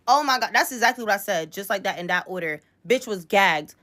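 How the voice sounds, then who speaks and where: A woman's voice: medium pitch, a little fast, few pauses. Young woman telling a heated story. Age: about 20. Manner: animated, profane, indignant. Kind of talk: casual storytelling to camera.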